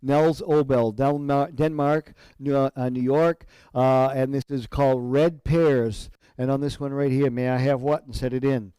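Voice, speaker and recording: A man's voice: mid-range voice, steady tone, warm tone, smooth, no echo. Dry-voiced man calling a live auction. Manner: rhythmic rapid bid calling with repeated numbers. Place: auction gallery.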